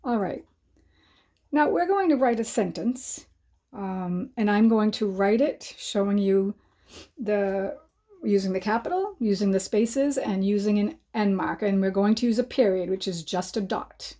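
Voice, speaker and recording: A woman teacher giving a writing lesson to young children, talking slowly and clearly and sounding out each word as she writes. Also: mid-range voice, animated, dark tone. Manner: slow, clear dictation for young learners.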